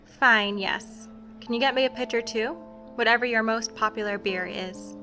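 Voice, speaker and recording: A woman's voice: a little high, moderate pace, sharp tone, soft background music. Guarded inhuman woman, as a narrator voices her.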